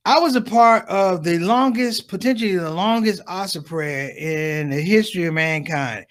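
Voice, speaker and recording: A man doing a stand-up comedy set on a conference stage, telling stories and acting out the people in them with quick shifts in voice. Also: sits high. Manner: animated storytelling, acts out characters with quick shifts in voice.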